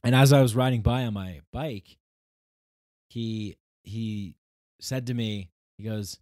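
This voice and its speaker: A man's voice: fairly low pitch, slow, darkish tone, dry recording, clean studio sound. A man hosting his own podcast, telling a personal story in a rambling, casual way with many restarts and acted-out quotes. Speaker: podcast host.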